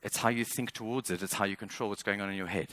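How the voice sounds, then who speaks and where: A man's voice: lowish voice, fairly even intonation, fast, a bit bright. A man in his fifties giving a motivational keynote speech. He speaks earnestly and with emphasis, and sometimes repeats words as he builds a point. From South Africa. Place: stage at a speaker showcase.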